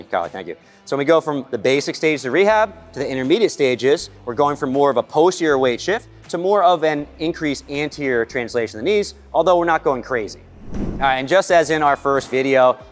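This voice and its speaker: A man, a physical therapist, teaching knee rehab exercises and coaching a patient through each movement with energy. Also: on the high side. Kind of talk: exercise instruction.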